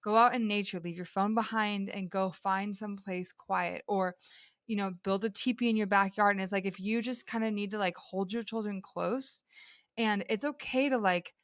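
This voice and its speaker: A woman's voice: mid-range voice, fairly even intonation, moderate pace, fairly bright tone, no echo, studio quality. A young woman talking earnestly and reflectively in a casual podcast conversation, with frequent fillers and restarts.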